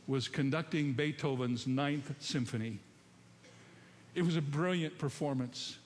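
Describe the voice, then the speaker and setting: A man's voice: on the high side, a little hiss or hum. A man preaching a sermon and telling stories, often putting questions to his congregation. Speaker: pastor. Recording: long hall reverb, faint ambience.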